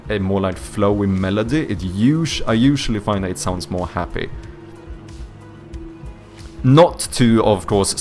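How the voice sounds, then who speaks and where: A young man from Sweden speaks English with a light Swedish accent and a low, gravelly voice. He chats loosely with his stream viewers, wandering through his thoughts, hunting for the right word and swearing in passing. Faint music sits behind him. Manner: rambling, searches for words, swears casually. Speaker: streamer and indie game developer. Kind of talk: casual live-stream chat with viewers.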